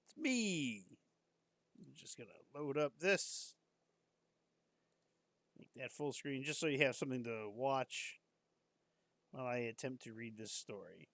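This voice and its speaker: A man's voice: mid-range voice, a bit bright, no room sound. A man streamer reading a horror story aloud on a live stream, casual and breaking off now and then to joke and comment.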